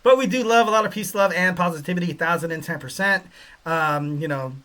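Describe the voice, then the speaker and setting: A man's voice: high voice, fairly quick, sharp tone. A man hosting a podcast, talking in a loose, joking way with many fillers and asides. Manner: rambling, joking, lots of fillers. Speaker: podcast host. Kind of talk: casual commentary.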